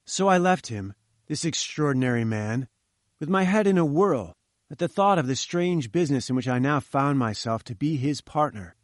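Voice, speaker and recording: A man narrating an old-fashioned story in a measured, formal manner. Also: mid-range voice, lively intonation, no room sound, studio quality. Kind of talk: audiobook narration.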